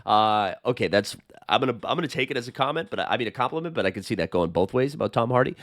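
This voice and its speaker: Hoarse Boston-accented man chatting sports. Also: medium pitch, lively intonation, very fast, a bit bright, dry recording, studio quality. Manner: chatty, rambling with many fillers. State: hoarse, sick voice. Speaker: sports channel host. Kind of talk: casual sports chat to camera.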